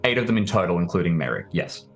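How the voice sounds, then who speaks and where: A man's voice: sits low, lively intonation, fast, faint music behind. A man running a tabletop role-playing game as game master, narrating the scene with descriptive, filler-laced speech.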